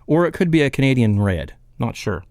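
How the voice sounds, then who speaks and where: A man's voice: medium pitch, sing-song, fairly quick, darkish tone, no room sound. A man talking casually on a live home brewing show, working through the chat and joking at his own expense. His voice sits in a middle range and comes through dry and close, with no room sound around it. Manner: rambling and self-deprecating, chuckling, loses his place reading chat. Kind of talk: casual live-stream chat, reading viewer comments.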